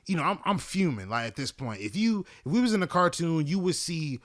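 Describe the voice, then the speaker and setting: A young man hosting a podcast, telling a story in a casual, animated and profane way. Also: a little high, a little fast. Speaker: podcast host.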